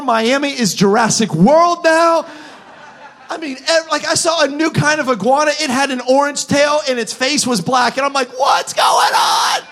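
A man, animated and self-mocking as he acts out funny stories. He breaks into shouts and laughs while addressing a live congregation in a church auditorium. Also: extremely high pitch. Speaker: pastor. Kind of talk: humorous sermon storytelling.

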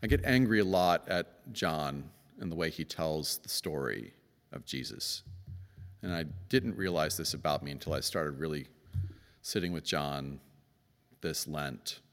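A man's voice: animated, measured pace, a bit bright. A man preaching a conversational sermon, telling the story in his own words and acting out the people in it with big swings of voice. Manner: conversational, acts out quoted voices, emphatic swings in pitch. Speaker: pastor. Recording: long reverb of a church hall.

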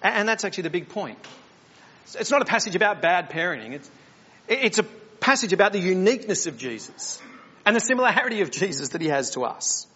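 A man's voice: high voice, big pitch swings, fairly quick, pushed and bright, breathy edge, dull audio. A man preaching a sermon as the church pastor, earnest and questioning, often restarting his words.

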